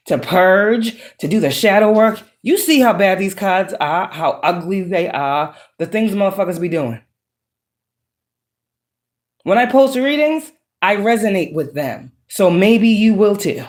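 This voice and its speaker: A woman's voice: medium pitch, a little mellow. A woman giving a profane, emphatic, preachy casual monologue as a psychic tarot reader. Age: adult with children.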